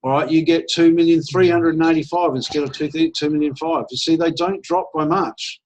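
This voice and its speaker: On a video call, a man presenting at an online business opportunity meeting delivers a persuasive pitch in a voice slightly higher than most men's. He's enthusiastic and chatty, slipping into brief acted-out phone conversations, with fairly even intonation, a slightly fast, slightly mellow delivery, and poor audio.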